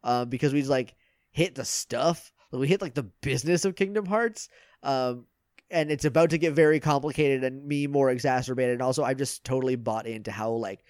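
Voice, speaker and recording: A man guest on a podcast, chatting casually and plugging his shows with quick asides. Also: medium pitch, darkish tone, no room sound, clean studio sound.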